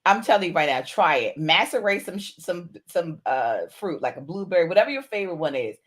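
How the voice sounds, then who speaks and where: A woman's voice: on the low side, lively intonation, brisk. A woman co-hosting a casual talk show, enthusiastic and persuasive, laughing often as she talks. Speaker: co-host. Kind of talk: casual chat.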